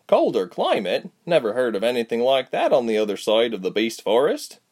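A man's voice: mid-range voice, wildly swooping pitch, a little fast, darkish tone. A man voicing an easygoing young village man who speaks plainly, in a storybook reading. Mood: matter-of-fact. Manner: plain, shrugging speech.

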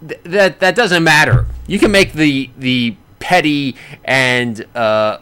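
A man casually recapping a boxing match he watched, rambling with many restarts and bursts of excitement. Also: fairly high pitch, slow pace, smooth. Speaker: boxing fan reviewing a fight.

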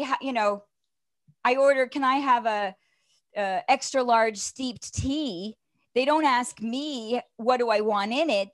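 A middle-aged woman telling personal stories as an interview guest, earnest and animated, often asking "right?". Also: a little high, no room sound, studio quality. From Canada. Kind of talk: conversational storytelling interview.

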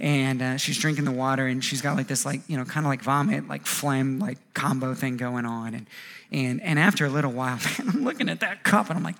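A man in his thirties preaching a sermon, animated, acting out quoted voices and often repeating words as he goes. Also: fairly high pitch, quick pace, creaky. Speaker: pastor.

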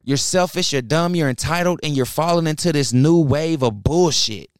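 Fired up and preachy, a young man hosting a solo podcast delivers a blunt, profane, heated rant. His fairly high voice is clear and resonant at a normal speed, captured in clean studio sound with no room noise.

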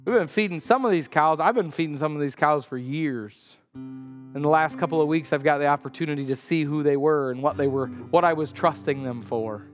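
A man preaching a sermon as pastor, telling a story with lively acted-out quotes and sudden loud cries. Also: fairly quick, in a large hall, soft background music. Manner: animated storytelling, acts out quotes with sudden high outbursts. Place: church sanctuary.

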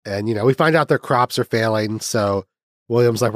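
A man's voice: lowish voice, normal speed, no echo. A man casually reviewing a film, rambling with lots of fillers and restarts and the odd swear word.

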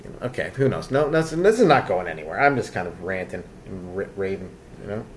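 A man's voice: low-pitched, big pitch swings, fairly quick. Rambling comedy podcast host, male, loose and meandering delivery, faint hiss behind him. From Canada. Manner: loose, meandering, full of fillers and asides.

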